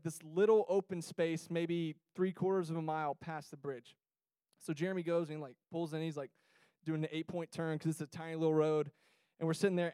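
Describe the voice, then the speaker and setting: A young man with a fairly high voice tells stories in a sermon to a young crowd. He is animated and slips into the voices of the people he describes. He was recorded close to the mic in a dry space. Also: clear, resonant tone, dry recording. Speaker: youth speaker. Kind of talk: storytelling sermon to a young audience.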